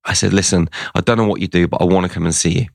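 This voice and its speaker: Deep gravelly man telling a story. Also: steady tone, rapid-fire, a little mellow, no room sound. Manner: tells a story by quoting people's words. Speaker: guest. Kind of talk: casual interview storytelling.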